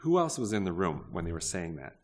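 Deep-voiced man preaching in a reverberant hall. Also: sing-song, a little fast. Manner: conversational, asks the congregation questions, frequent restarts. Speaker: pastor. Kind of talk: sermon. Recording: long reverb of a large hall.

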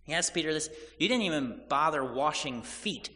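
A man's voice: fairly high pitch, expressive, normal speed, bright, forceful tone, in a large hall. A man preaching a sermon, retelling scripture in casual everyday paraphrase and acting out the people in the story.

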